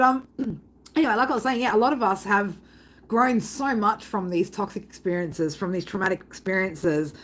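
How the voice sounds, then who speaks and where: On a live tarot stream with poor audio, a woman with a mid-range voice chats casually with her viewers. Her talk is full of swearing and frequent "right?" tags, and she bursts out laughing loudly as she reads the chat comments.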